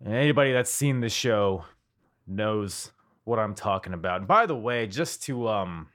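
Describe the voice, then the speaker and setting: A man's voice: on the low side, expressive, moderate pace, a bit bright. Tipsy American man rambling on his podcast. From United States. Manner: loose, swearing, jokey and rambling. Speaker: podcast host. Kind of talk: casual podcast chat.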